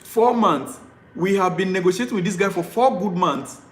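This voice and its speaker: A man's voice: high voice, expressive, normal speed, echoey room. A man live-streaming as a football fan vlogger, ranting and pleading, repeating himself in exasperation.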